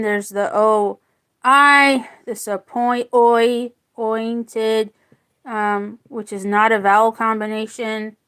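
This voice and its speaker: Slow, high-voiced woman teaching phonics. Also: fairly bright tone, smooth. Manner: slow, deliberate, repeats words to sound them out. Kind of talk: spoken phonics lesson.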